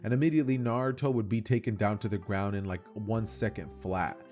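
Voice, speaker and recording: A man's voice: fairly low pitch, steady tone, a little fast, a little mellow, faint music behind. A young man casually telling an anime what-if story, rambling in slang and correcting himself as he goes.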